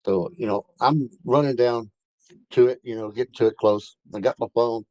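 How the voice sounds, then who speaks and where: A man's voice: medium pitch, steady tone, moderate pace, warm tone, no echo, poor audio. A man telling a rambling first-hand story in a casual way, with many fillers and restarts. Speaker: bigfoot researcher telling an encounter.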